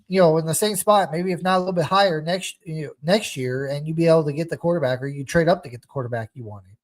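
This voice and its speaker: Rambling, animated young football fan. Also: male voice, on the high side, quick pace. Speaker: podcast host. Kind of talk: casual sports chat.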